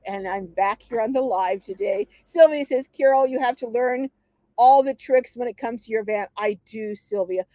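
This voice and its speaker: A middle-aged woman hosting a livestream, telling a story in a lively, chatty way, acting out quotes and reading viewer comments. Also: a little high, moderate pace, dry recording. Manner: animated storyteller, acts out quotes, laughs often. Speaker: host of a livestream.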